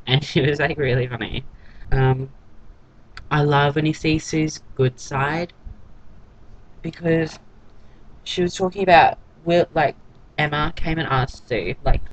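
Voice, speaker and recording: A man's voice: on the high side, fairly even intonation, measured pace, pauses often, highs cut off, a little hiss or hum. Catty man gossiping. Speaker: TV episode reviewer. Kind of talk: casual vlog recap.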